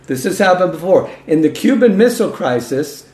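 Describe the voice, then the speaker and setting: A man's voice: high voice, very animated, a little fast, darkish tone. A male host giving a political commentary monologue in a folksy, emphatic way, reading news aloud and breaking in with his own remarks. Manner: folksy and emphatic, interjecting "okay?" and "listen to this". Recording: roomy echo.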